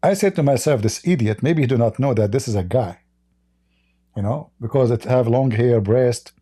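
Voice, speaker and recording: A man's voice: mid-range voice, moderate pace, mellow, breathy edge. A man, telling rambling anecdotes on a livestream with many fillers and laughs. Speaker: livestream host. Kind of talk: casual storytelling on a livestream.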